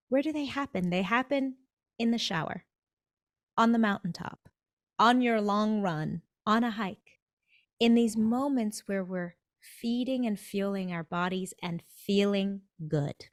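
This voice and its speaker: A woman speaking as a dentist guest on a podcast, emphatic and animated, stressing her points with repetition. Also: medium pitch, dry recording, studio quality. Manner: emphatic, animated, acts out inner thoughts. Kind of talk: motivational conversational talk.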